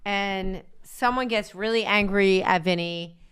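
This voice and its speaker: A middle-aged woman co-hosting a comedy talk show, agreeable and quick to chime in and tease. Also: mid-range voice, a bit bright, clean tone. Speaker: co-host. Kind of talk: casual comedic chat.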